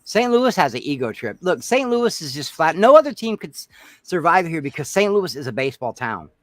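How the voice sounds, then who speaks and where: A man from the Chicago area co-hosting a casual sports chat stream, excitable, laughing often and trailing off into mumbles. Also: a little high, a little fast, dry recording. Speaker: co-host.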